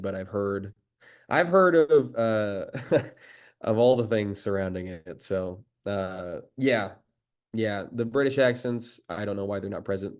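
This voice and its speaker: A man's voice: on the low side, a little mellow, clear, resonant tone. A voice actor from the United States, a man, chatting in an interview with many fillers and restarts. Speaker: voice actor guest. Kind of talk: casual interview chat.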